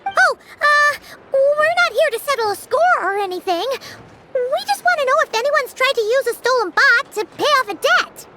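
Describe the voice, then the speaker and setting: A very high, cheeky shop owner. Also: female voice, normal speed, background noise. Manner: lively, blunt, cheeky. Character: spirited young woman craft-shop owner. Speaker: game character. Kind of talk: video game voice acting. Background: music.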